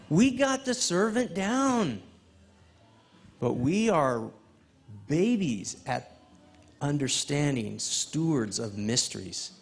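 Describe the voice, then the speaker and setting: A man delivers a testimony sermon in a slightly higher-than-average voice. His pitch rises and falls expressively as he tells the story, and he acts out the conversations. His pace is slow and unhurried. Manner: animated storytelling, acting out dialogue with laughter. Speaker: guest speaker at a men's fellowship.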